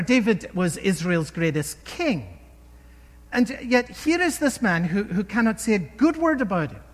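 A man preaching a sermon, retelling a scripture story with emphatic, animated delivery and rhetorical questions. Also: high voice, long reverb tail.

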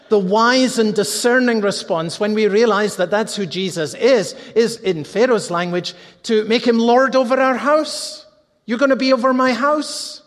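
A man preaching a sermon with earnest, fervent delivery, repeating key phrases slowly for emphasis. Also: sits high. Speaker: pastor. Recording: long reverb of a large hall.

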